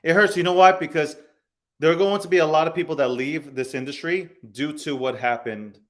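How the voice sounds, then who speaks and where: A podcast host with a brisk, fairly high male voice rants angrily on a heated crypto show. He swears freely and keeps repeating phrases to drive his points home.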